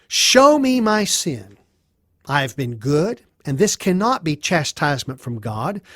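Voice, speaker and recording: A man's voice: high-pitched, fairly bright tone, no room sound, studio quality, full character voice. A man voicing a suffering, despairing man who pleads his innocence, his voice rising in anguish.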